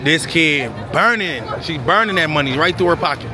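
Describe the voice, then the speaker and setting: A man hosting a casual family vlog, loud and playful, hyping up a group of kids with lots of slang while walking through a mall. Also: on the high side, animated, moderate pace. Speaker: vlogger and dad. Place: indoors, busy shopping mall. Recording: noisy crowded mall audio. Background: crowd chatter and noise.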